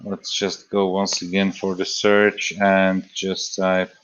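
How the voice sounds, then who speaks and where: A man's voice: deep voice, monotone, fairly bright tone, muffled recording. A man hosting a casual livestream chat, rambling and reading out product details. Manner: slow, rambling, reads out labels. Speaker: stream host.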